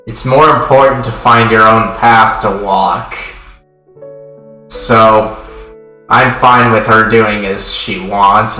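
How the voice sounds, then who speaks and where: A man's voice: on the low side, bright, forceful tone. A man streaming a game, reading the dialogue and narration aloud in a plain voice and chuckling often. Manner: reads lines in a plain voice with frequent chuckles. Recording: roomy sound with game music behind.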